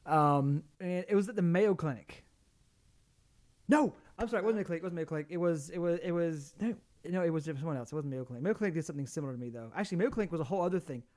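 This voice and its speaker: A man's voice: a little high, quick pace, darkish tone. A man co-hosting a podcast, telling stories in a rambling, casual way, acting out what other people said, with many fillers and restarts. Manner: rambling storyteller, acts out quoted people, lots of fillers and restarts. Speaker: podcast co-host. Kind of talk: casual chat.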